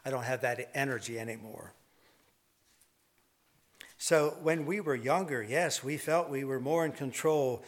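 A man's voice: mid-range voice, a bit bright. An older man preaching a sermon in a rambling, folksy storytelling way, with self-deprecating humor.

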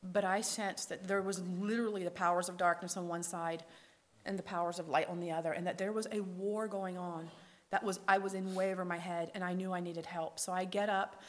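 A woman telling a personal faith testimony as a lively storyteller, acting out the dialogue and dropping to a whisper at tender moments. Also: on the low side, brisk. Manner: lively storyteller who acts out quoted dialogue. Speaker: speaker sharing her faith testimony.

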